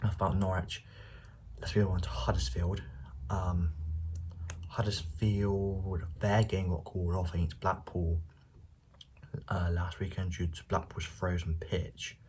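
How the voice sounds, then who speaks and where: A young man casually giving football predictions on his channel, speaking quietly and at times near a whisper, recorded at home late at night without a proper microphone. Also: low voice, level tone, unhurried, pauses often, slight background noise. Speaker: football vlogger. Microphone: no dedicated microphone.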